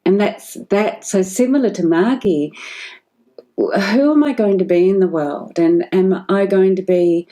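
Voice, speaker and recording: A woman's voice: medium pitch, measured pace, mellow. A woman who once worked as a nurse, reflecting thoughtfully on a personal memory during a video call. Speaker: former nurse.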